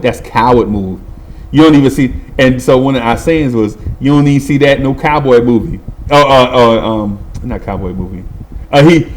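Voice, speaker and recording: Animated man telling a street story. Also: medium pitch. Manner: animated, voices other people and makes sound effects. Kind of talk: casual storytelling.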